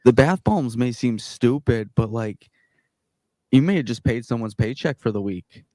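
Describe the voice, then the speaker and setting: A man's voice: medium pitch, animated, normal speed, mellow, dry recording. A man hosting a podcast, easygoing and a little hesitant. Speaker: podcast host.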